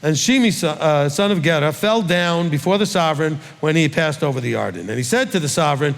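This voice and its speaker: A man's voice: a little high, expressive, a little fast, creaky, few pauses, big-room sound. A male rabbi reading scripture aloud and teaching from it, in a conversational way that puts questions to his listeners.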